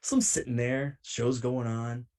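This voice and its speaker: A man, a professional wrestler who is a guest on a show, tells a road story in an animated way and acts out the other people's lines. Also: medium pitch, a little slow.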